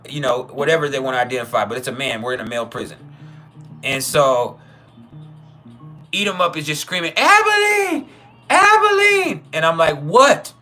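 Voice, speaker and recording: A man's voice: mid-range voice, fairly bright tone. A man casually telling a personal story, profane and chuckling, with many trailing restarts. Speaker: channel host.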